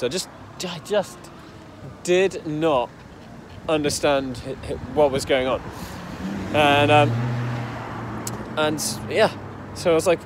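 A little high and animated, this young man's voice moves unhurriedly with long pauses as he, an entrepreneur from the English Midlands, rambles through his backstory. He's casual, filler-heavy and swears heatedly, and background noise is audible.

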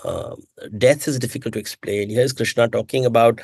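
A man, an author answering interview questions in an animated, emphatic way, with rhetorical questions and frequent self-corrections. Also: mid-range voice, moderate pace, creaky, breathy edge, dry recording, clean studio sound. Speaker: author and mythologist guest.

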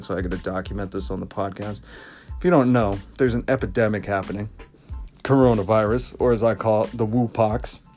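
A man's voice: on the low side, a little mellow. A man hosting his own podcast, talking casually in a rambling, jokey way with lots of asides. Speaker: podcast host. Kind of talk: casual solo podcast monologue.

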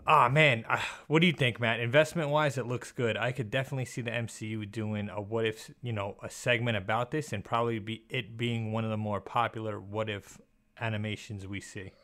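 Bright-voiced joking man on a podcast. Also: lowish voice, fairly even intonation, fairly quick. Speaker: podcast co-host. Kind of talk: casual comic book chat.

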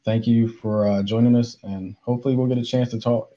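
A male podcast host wraps up an interview at a middle pitch, measured and a little hesitant. Fillers break up his sentences. The audio is dull and lo-fi. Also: fairly even intonation, crowd noise. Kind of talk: interview hosting. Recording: dull lo-fi sound.

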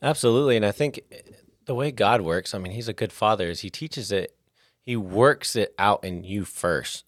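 A man with a deep, low voice tells personal stories in an earnest, lively way. He sounds like a podcast guest in his thirties. The sound is dry and close to the mic. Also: dry recording. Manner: earnest, animated storyteller. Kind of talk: casual storytelling.

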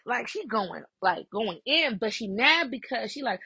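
Profane gravelly woman recapping a show. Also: a little high, normal speed, few pauses, no echo, poor audio. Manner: profane, animated retelling with quoted voices. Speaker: podcast host. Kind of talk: casual reality-show recap.

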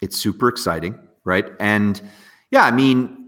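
A man, an entrepreneur guest talking with hyper, fast energy in an interview. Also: lowish voice. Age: 40s. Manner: energetic, hyper, talks fast with bursts of excitement. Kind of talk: interview conversation.

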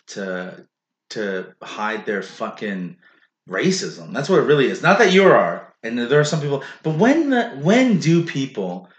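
A man co-hosting a casual podcast, blunt and profane, ranting with strong opinions. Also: mid-range voice. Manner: blunt and profane, animated rants. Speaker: podcast co-host. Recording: echoey room.

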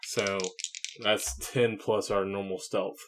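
A man playing a tabletop game who talks his dice rolls through deliberately. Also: lowish voice, flat delivery, background noise. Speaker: player.

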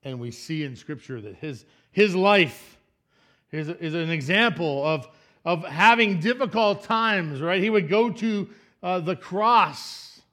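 In church, a male pastor delivers a sermon with lively intonation at a slow pace, posing questions to the congregation. He acts out the voices of people in the story, swinging from loud, emphatic lines to soft, low asides.

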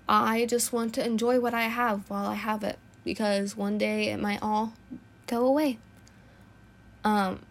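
A teenage girl hosting her own podcast, talking in an earnest, reflective way in short bursts. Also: mid-range voice. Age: teens. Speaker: podcast host. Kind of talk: casual personal monologue.

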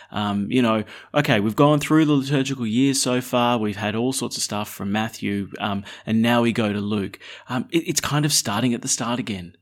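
A man, probably a priest, giving a conversational gospel reflection, full of rhetorical questions and casual asides. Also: fairly low pitch.

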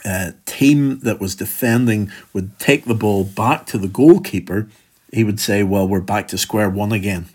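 A man's voice: fairly low pitch, darkish tone. A man preaching a sermon, walking through a text step by step in a conversational way and sometimes acting out what a speaker might have said. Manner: conversational, explaining step by step and acting out imagined speech.

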